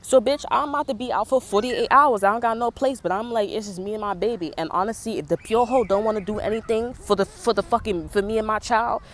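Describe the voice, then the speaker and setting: A woman's voice: medium pitch, quick pace, few pauses. Brief: young pregnant woman, profane street-slang rant, fired-up vlog venting. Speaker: vlogger. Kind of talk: casual venting monologue.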